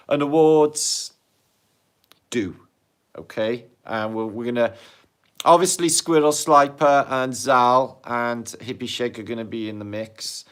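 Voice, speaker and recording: A man's voice: mid-range voice, slow pace, pauses often, clear, resonant tone. A man with a British accent hosting a casual livestream, reading out viewer comments and chatting in a jokey, sweary way. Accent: British English. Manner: chatty, jokey and sweary, swings between loud and hushed. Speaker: livestream host.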